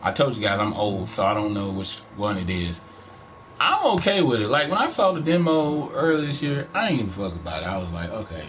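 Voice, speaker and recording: A man's voice: lowish voice, expressive, brisk, fairly bright tone, a little hiss or hum. A middle-aged man from Texas with a country accent, chatting casually and profanely while streaming a game from home. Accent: Texan country. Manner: rambling, profane, laid-back. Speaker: gaming streamer. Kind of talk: casual let's-play commentary.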